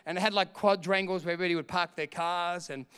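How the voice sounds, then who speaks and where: Middle-aged male preacher, bright and clean, impassioned, in a reverberant hall. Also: high-pitched, steady tone, fast talker, clear, resonant tone. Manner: impassioned preaching that swells to shouts between quieter storytelling. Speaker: pastor. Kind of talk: sermon.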